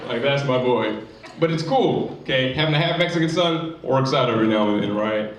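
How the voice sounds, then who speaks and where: A man's voice: a little high, expressive, normal speed, a little hiss or hum. Loose, chatty stand-up comic man. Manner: loose, chatty delivery full of "you know what I'm saying". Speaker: stand-up comedian. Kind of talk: stand-up comedy set. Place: live comedy venue with audience. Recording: echoey live room, distant mic, crowd.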